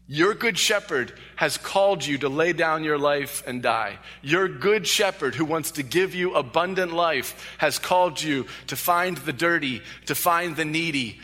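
A man's voice: on the high side, bright, forceful tone. A male pastor preaching a sermon, earnest and emphatic, repeating key phrases. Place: church sanctuary. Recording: long echo of a large hall.

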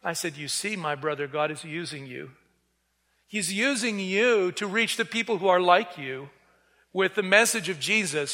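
A man's voice: on the high side, bright, forceful tone. A man preaching a sermon, telling a story earnestly and acting out the voices of the people in it. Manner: earnest, acts out quoted voices. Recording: reverberant hall.

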